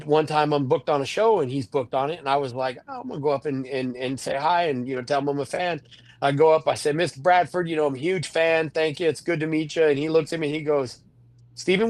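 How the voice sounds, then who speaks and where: A man's voice: mid-range voice, no room sound. A middle-aged man, a wrestling manager, answering interview questions in a rambling way, full of fillers and restarts. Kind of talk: candid podcast interview.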